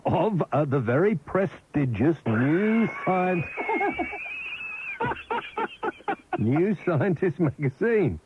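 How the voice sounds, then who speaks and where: A man hosting a late-night radio phone-in, blunt and wry with quick put-downs. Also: fairly high pitch, big pitch swings, noisy background. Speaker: radio talk show host. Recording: lo-fi radio recording.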